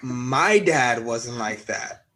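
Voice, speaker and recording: A man's voice: mid-range voice, expressive, drawn-out words, fairly bright tone. A man co-hosting a podcast, chatting casually and ranting with a lot of swearing. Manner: profane, ranting, jokey. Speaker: podcast co-host.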